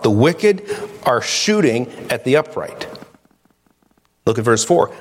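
A man's voice: mid-range voice, unhurried. A man preaching a sermon, reading scripture aloud and then explaining it in a conversational way. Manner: reads scripture then talks through it conversationally. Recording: long hall reverb.

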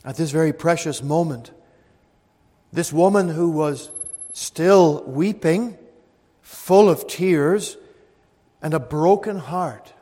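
A man preaching a sermon, swinging from loud emphatic peaks down to hushed, low tones. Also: slow pace, long pauses. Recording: long hall reverb.

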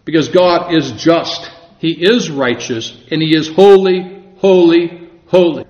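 A man preaching a sermon in an earnest, measured way, slowing down for emphatic scripture quotes. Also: a little high. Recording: echoey room, dull lo-fi sound.

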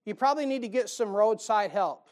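A man's voice: high voice, fairly quick. A man preaching a sermon in a church, folksy and conversational, building to emphatic outbursts. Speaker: pastor. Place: church sanctuary.

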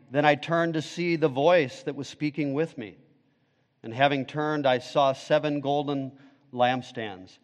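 A male pastor preaching a sermon, with dramatic swings from booming declarations to hushed, low phrases. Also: a little slow. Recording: long reverb of a large hall.

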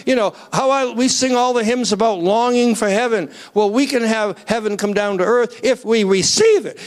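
A man preaching a sermon to a congregation in an animated way, asking for raised hands and building up to near-shouts. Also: extremely high pitch, normal speed, hardly any pauses. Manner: asks the crowd to raise hands.

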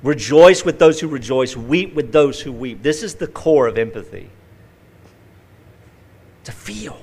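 A man's voice: mid-range voice, normal speed, darkish tone, husky. A male pastor preaching a conversational sermon, telling folksy stories with vivid acted-out asides.

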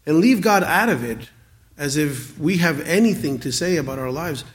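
A man in his forties preaching a sermon, earnest, with many stammered restarts and swings between loud emphasis and quiet asides. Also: fairly high pitch, expressive, moderate pace. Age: 40s. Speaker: pastor.

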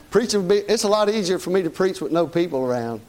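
A man's voice: sits high, darkish tone. A man preaching a sermon in a folksy, conversational way, often asking "Amen?".

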